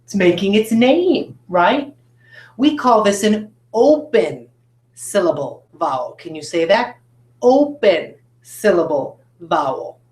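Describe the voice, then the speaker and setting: A woman teaching a recorded phonics lesson at a whiteboard, talking to students with encouraging, drawn-out questions. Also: mid-range voice, big pitch swings, a little mellow, echoey room. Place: classroom with a whiteboard.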